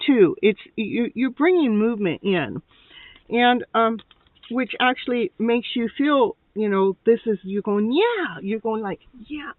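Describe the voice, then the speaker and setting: On a dry, tinny, phone-like recording with no room sound, a woman with a fairly high voice hosts a live tarot show at a slightly slow pace. Her casual reading is chatty and meandering, broken up by frequent laughter and a bit of breathlessness.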